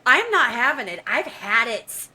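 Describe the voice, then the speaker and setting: A woman's voice: a little high, sing-song, measured pace, pushed and bright, slightly rough, rough recording. A woman co-hosting an unscripted podcast, outspoken and emphatic, laughing often. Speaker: podcast co-host. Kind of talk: casual podcast chat.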